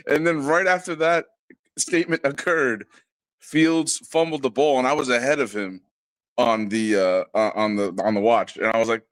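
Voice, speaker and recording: A man's voice: medium pitch, moderate pace, no echo. A middle-aged man calling in, casually telling a story with laughter. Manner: laughing, relaxed, retelling a conversation. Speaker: caller.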